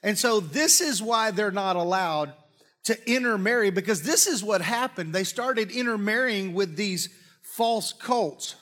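A man preaching a sermon in a church, folksy and joking, often clearing his throat. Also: high voice, lively intonation, a little slow, a bit bright. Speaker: pastor. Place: church sanctuary with congregation. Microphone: live-streamed stage mic.

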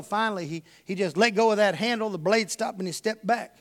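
A man's voice: high-pitched, steady tone, quick pace, few pauses. A man from Texas, preaching a sermon full of folksy personal stories and calling his congregation y'all.

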